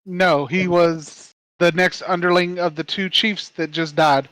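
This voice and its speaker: A man's voice: high voice, steady tone, a little slow, a bit bright, poor audio. A man playing a tabletop role-playing game, answering in character in a direct, matter-of-fact way. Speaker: player. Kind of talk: casual tabletop play.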